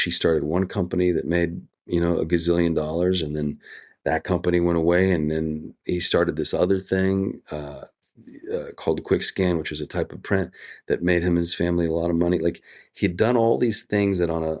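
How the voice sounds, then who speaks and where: A middle-aged American man with a low-pitched voice is a guest actor in an interview. He tells stories earnestly and reflectively, pausing at length as he goes.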